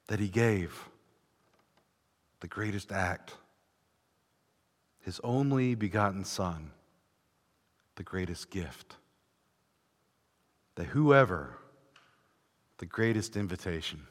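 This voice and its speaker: A man preaching a sermon in a church, fervent, swelling from hushed passages to ringing declarations. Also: sits low, expressive, takes it slowly, pauses often. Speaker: pastor. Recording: long reverb of a large church hall.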